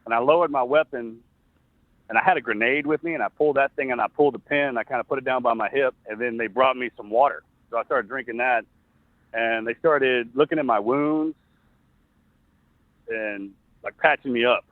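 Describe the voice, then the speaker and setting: A middle-aged man, a former soldier, tells a personal story as an interview guest. He is earnest and halting, often restarting his sentences. His voice comes through a thin, tinny phone line with no room sound. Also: medium pitch, no echo. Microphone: phone call.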